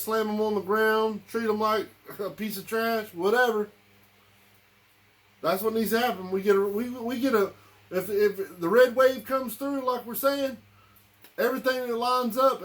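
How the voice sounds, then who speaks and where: A man giving an angry, blunt and profane political rant to camera as a vlogger, repeating himself as he goes. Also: sits high. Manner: heated, repetitive, blunt and profane.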